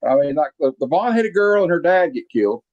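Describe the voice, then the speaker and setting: A man's voice: a little high, big pitch swings, quick pace, a little mellow, muffled recording. A man hosting a casual movie review chat, rambling along with lots of fillers and restarts. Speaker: podcast host reviewing a movie. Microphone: video call.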